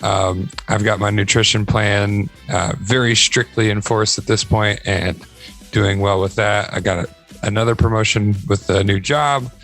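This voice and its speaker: A man's voice: on the low side, steady tone, a little slow, vocal fry, fairly bright tone. Man, podcast host, upbeat, laughs a lot, from Ohio, casual chat, faint music behind. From Northern Ohio.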